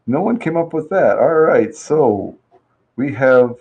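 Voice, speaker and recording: A man's voice: mid-range voice, animated, slow pace, husky, highs cut off. A man hosting a casual live-stream survey game, chatty and reading viewers' answers aloud with easy laughs. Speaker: livestream host running a survey game.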